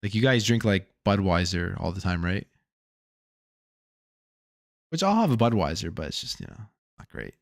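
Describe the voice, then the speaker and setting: Tired Canadian male streamer, Canadian accent, low voice, rambling and chatty, dry close sound. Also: very animated, moderate pace, vocal fry, pauses often, dry recording. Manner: rambling, thinks aloud, chats with viewers. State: tired after a long workday. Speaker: gaming channel host. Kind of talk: casual livestream chat.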